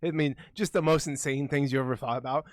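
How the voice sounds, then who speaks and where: A man's voice: mid-range voice, fairly even intonation, fast talker, no room sound. A young man co-hosting a podcast, rambling and swearing in mock-conspiratorial casual chat. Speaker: podcast co-host.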